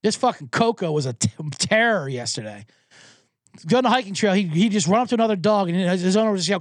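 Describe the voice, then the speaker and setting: A man's voice: high-pitched, fast talker, no echo, clean studio sound. A man hosting a sports show, rambling through a casual, profane monologue. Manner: rambling and profane, with animated impressions.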